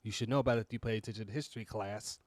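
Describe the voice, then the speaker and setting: A man's voice: on the low side, fairly even intonation, very fast, no room sound. A man hosting a reaction commentary, mocking and scolding the streamer he watches. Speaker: commentary host.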